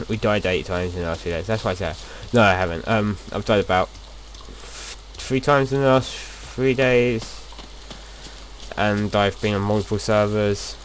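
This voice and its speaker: Low-voiced young man chatting over gameplay. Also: fairly even intonation, unhurried, slight background noise. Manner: rambling, chatty, with frequent restarts. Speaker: gaming video host. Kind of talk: casual gameplay commentary.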